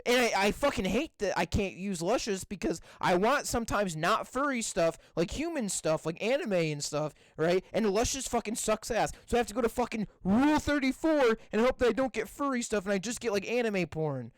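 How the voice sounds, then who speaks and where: Another young man co-hosting a podcast speaks in a high voice with lively intonation and no echo. Profane and fed up, he throws around crude banter and slowly spells out certain words.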